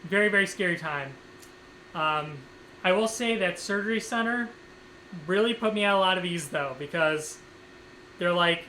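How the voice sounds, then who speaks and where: A man's voice: high-pitched, moderate pace, long pauses, pushed and bright, a little hiss or hum, low-quality recording. A man vlogger telling a casual story time, rambling with lots of fillers and swearing freely.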